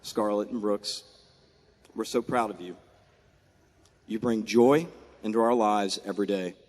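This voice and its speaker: A man's voice: lowish voice, measured pace, a little mellow. A man in his forties from Maryland, giving a heartfelt farewell speech as an outgoing military commander, thanking people one by one and holding back tears. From Maryland, USA. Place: large aircraft hangar at a ceremony. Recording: long echo of a big hangar.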